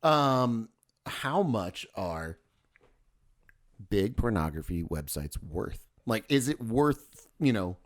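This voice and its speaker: A low-voiced man co-hosting a casual podcast. He sounds lively, and his pitch swings a lot as he jokes around, swears and trips over half-finished phrases. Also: slow. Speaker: podcast co-host. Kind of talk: casual chat.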